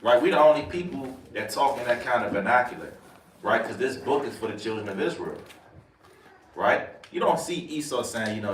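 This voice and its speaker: A man's voice: medium pitch, expressive, brisk. A man teaching scripture in a casual preaching style, repeating verses and asking "right?" after each point. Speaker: teacher leading scripture study. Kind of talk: street-preaching bible lesson. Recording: echoey room, mic far off, faint noise.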